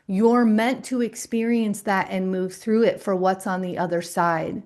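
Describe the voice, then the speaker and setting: A middle-aged woman coaching on a live stream, speaking slowly and deliberately in a soothing way to her viewers in the chat. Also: mid-range voice, fairly even intonation, darkish tone. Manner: slow, deliberate, soothing delivery. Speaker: spiritual coach and astrologer.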